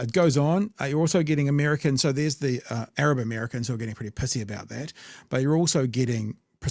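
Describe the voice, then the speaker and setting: A man's voice: medium pitch, a little mellow, no echo, clean studio sound. Blunt sweary New Zealand man. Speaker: podcast host. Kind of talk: casual political commentary.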